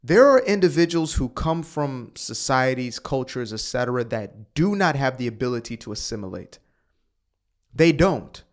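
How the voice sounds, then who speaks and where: A man's voice: mid-range voice, animated, moderate pace. A man hosting a commentary monologue, talking emphatically, sighing and repeating his points for force. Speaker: host.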